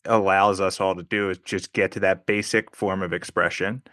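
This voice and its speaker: A man's voice: low voice, little pitch movement, moderate pace, fairly bright tone, dry recording, studio quality. A man hosting an interview podcast, talking eagerly with frequent restarts and asking the guest questions. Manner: enthusiastic, stumbling restarts, laughs often. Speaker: podcast host. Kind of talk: casual interview chat.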